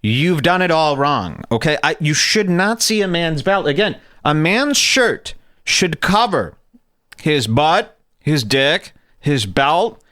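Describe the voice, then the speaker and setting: A man's voice: a little high, slow pace, no room sound, studio quality. A man hosting a podcast, telling stories in a casual, profane and jokey way. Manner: animated, profane, jokey storyteller. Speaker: podcast host. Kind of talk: casual storytelling chat.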